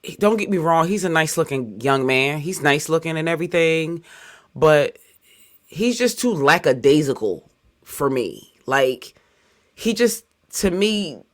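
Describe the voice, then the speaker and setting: Chatty man with a high voice. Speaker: commentator reacting. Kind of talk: casual chat.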